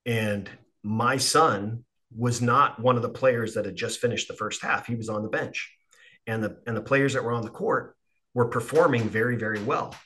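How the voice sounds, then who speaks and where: A man who hosts and used to coach, asking questions in a casual interview, halting and restarting his phrases. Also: mid-range voice, sharp tone. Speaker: podcast host and former coach.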